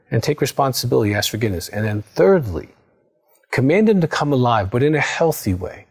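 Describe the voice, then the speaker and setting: A man's voice: mid-range voice, lively intonation, brisk, husky. A middle-aged man, a counselor, speaking straight to the viewer in an earnest, coaching way and often checking in with "okay?". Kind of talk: direct-to-camera advice talk.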